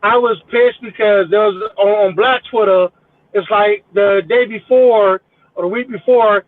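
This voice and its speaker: Guest, male, very high voice, foul-mouthed storyteller, phone-quality dry line. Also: a little slow, dry recording. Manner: profane, animated, mimics people in quotes. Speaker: podcast guest. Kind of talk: casual storytelling.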